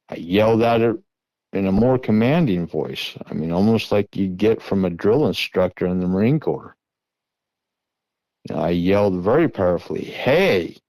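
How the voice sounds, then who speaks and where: A middle-aged man earnestly retelling a tense encounter in the first person, now and then shouting out the calls he made. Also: fairly low pitch, no echo, poor audio. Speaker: guest recounting an encounter.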